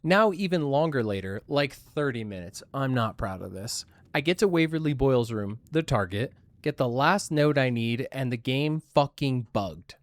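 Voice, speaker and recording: A man's voice: mid-range voice, expressive, normal speed, hardly any pauses, no echo. A man narrating his playthrough in a casual voice-over, wry, self-deprecating and casually profane. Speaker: gaming channel host.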